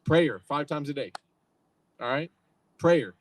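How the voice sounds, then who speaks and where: Man, young adult, conversational storytelling talk, acts out quotes, fairly high voice. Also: lively intonation, slow, poor audio. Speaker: youth program speaker. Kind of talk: casual religious talk.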